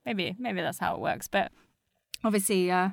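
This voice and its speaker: A young woman in casual chat, telling a story with animated acted-out quotes. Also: lowish voice, moderate pace, gravelly, no room sound, studio quality.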